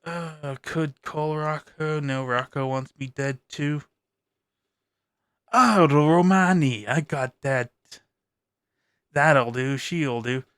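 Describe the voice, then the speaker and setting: A crude, bossy vampire, played by a man in a tabletop game, barking blunt, profane orders in a smooth, resonant voice. The sound is dry and close, with no room around it. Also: fairly high pitch, slow pace, long pauses, fairly bright tone, no echo. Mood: scheming.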